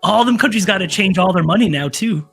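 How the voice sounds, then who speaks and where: A man with a Southern US accent co-hosting a casual chat, animated and profane, laughing often. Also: high voice, a little fast, vocal fry, soft background music. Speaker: podcast co-host.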